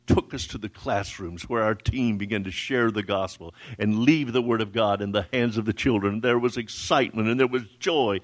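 A man's voice: lowish voice, normal speed, few pauses. An older man telling a sermon-style testimony, often stumbling over repeated words and acting out the people he quotes. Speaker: ministry founder telling a testimony.

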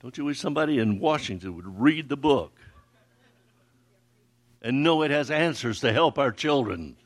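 A man's voice: medium pitch, animated, moderate pace. An older man telling a sermon-style testimony, often stumbling over repeated words and acting out the people he quotes. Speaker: ministry founder telling a testimony.

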